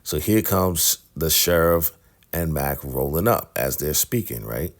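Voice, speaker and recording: A man casually recapping a TV drama episode, retelling scenes with animated asides and frequent "right?" checks. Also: very deep voice, a little slow. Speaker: TV recap vlogger.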